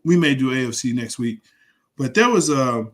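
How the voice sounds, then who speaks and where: A man with a middle-pitched, everyday voice chats as a sports podcast co-host. He keeps things easygoing and conversational, chiming in often and acting out what people said. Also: animated, moderate pace. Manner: conversational, frequent agreeing backchannels, acts out quotes. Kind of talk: casual sports podcast talk.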